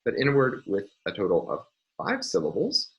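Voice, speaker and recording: A man's voice: mid-range voice, wildly swooping pitch, normal speed, a bit bright, low-quality recording. A man giving a recorded university phonology lecture, explaining step by step with frequent ums and uhs.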